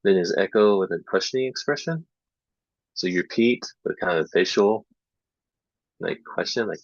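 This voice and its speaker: Low gravelly male teacher, casual. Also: fairly quick, dry recording. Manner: relaxed, filler-heavy, demonstrates errors by repeating them. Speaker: English teacher trainer. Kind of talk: casual online teaching talk. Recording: dull lo-fi dry online recording.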